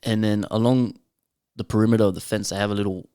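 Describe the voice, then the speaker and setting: A man's voice: fairly low pitch, level tone, fast talker, mellow, clean tone, dry recording, studio quality. A young Australian man chatting casually on a podcast, telling stories with plenty of swearing and laughter. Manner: laid-back, profane storyteller who laughs often. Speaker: podcast panelist. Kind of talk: casual chat.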